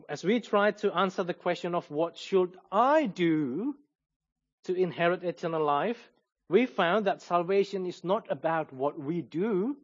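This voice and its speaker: A man preaching a sermon, explaining a Bible passage in a measured, teaching manner. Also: on the high side, highs cut off. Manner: measured, explanatory, lively intonation.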